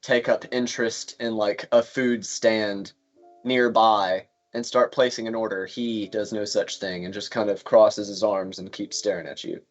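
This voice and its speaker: A man's voice: lowish voice, steady tone, measured pace, highs cut off, soft background music. Laid-back man running a tabletop game. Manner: casual narration with fillers. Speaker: game master.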